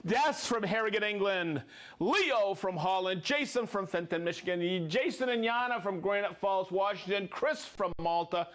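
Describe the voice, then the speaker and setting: An upbeat American man hosting a live stream, chatting casually and joking. His voice sits fairly high for a man. He rattles off names with easy energy. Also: moderate pace, a bit bright. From United States. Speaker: livestream host.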